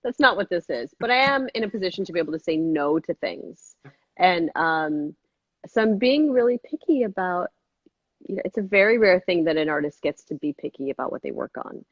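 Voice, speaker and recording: Animated woman guest, dry lo-fi sound. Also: a little fast, no echo. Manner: animated, jumps into high-pitched quoted voices. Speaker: actress and filmmaker guest. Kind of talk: casual interview chat.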